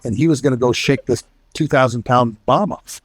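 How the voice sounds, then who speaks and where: Here the retired military pilot and author, a middle-aged man, has a mid-range voice with a breathy edge and a moderate pace. Recorded dry, he tells an audience casual war stories, performing the voices of the characters.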